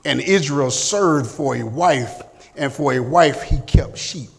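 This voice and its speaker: A man's voice: mid-range voice, takes it slowly, vocal fry, big-room sound. A man leading a Sunday school lesson, reading scripture steadily and earnestly between remarks of praise. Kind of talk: reading scripture and teaching a class.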